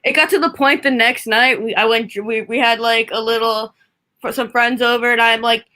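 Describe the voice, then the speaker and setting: Bright, chatty woman co-host. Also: a little high, steady tone, normal speed. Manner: chatty, giggly, lots of fillers. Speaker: podcast co-host. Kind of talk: casual chat about records.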